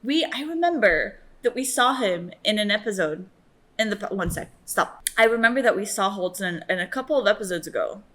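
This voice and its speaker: A young woman hosting a reaction video, chatting casually and gushing excitedly at the screen. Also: mid-range voice, a little fast.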